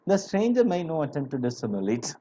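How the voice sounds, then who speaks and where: A man's voice: on the high side, sing-song, fast talker, warm tone, lo-fi sound, slight background noise. A man teaching a story, explaining lines to students with repeated fillers and note dictation. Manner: repetitive, explanatory, frequent "you know" fillers. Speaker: English teacher. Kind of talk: classroom lecture explaining a story.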